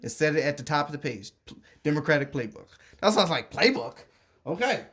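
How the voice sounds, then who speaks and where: A man's voice: fairly high pitch, big pitch swings, a little fast, fairly bright tone. A man reading a letter aloud and commenting on it in casual chat, repeating his points and restarting sentences as he goes.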